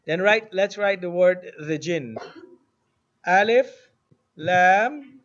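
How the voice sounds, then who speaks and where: A man with a fairly high voice teaches a classroom lesson at an unhurried pace. He keeps asking his students questions and has them repeat words back. The recording is dull and lo-fi, with a faint hiss underneath. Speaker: Arabic teacher.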